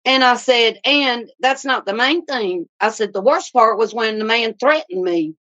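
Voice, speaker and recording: A woman's voice: a little high, measured pace, bright, forceful tone. Indignant woman, lo-fi recording. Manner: indignant, repeatedly quoting herself and staff. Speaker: customer telling a complaint. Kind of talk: casual spoken account. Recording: dull lo-fi recording.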